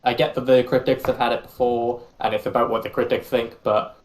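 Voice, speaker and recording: A man's voice: medium pitch, flat delivery, a little fast, a little hiss or hum, low-quality recording. Opinionated man in casual chat.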